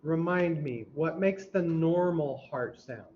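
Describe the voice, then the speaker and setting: A man teaching a class, quizzing students and mimicking heart sounds out loud, heard in a dull, lo-fi classroom recording. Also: fairly high pitch, slow pace. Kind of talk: classroom lecture. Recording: dull lo-fi recording with faint hum.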